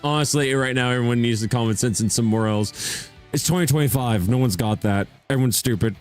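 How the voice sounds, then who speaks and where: A young man hosting a casual livestream chat, animated and jokey, who laughs often and swoops his voice up when greeting viewers. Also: medium pitch, a little fast, soft background music. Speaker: streamer host.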